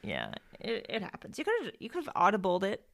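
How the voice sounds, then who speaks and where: A woman's voice: mid-range voice, huge pitch swings, normal speed, creaky, a bit bright. A woman hosting a podcast in casual chat, talking in a rambling, chatty way with frequent fillers and laughs. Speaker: podcast host.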